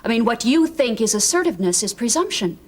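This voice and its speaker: A woman's voice: a little high, big pitch swings, quick pace. An actress playing a proper, reproachful senior woman in a hospital TV drama, speaking sternly. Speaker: senior hospital staff member. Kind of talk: daytime TV drama acting.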